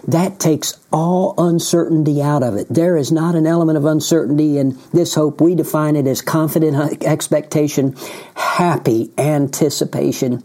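A man's voice: fairly high pitch, steady tone, normal speed, mellow. A man hosting a Christian ministry podcast, teaching in an earnest way and often repeating words as he restarts a phrase. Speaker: podcast host and ministry leader.

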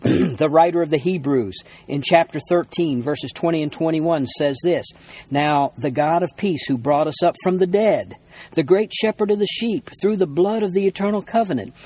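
A male pastor delivering a teaching sermon in a slightly high, husky voice. He reads scripture aloud, then explains it loosely and unscripted, with frequent fillers and repeated words. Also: dark tone, no echo.

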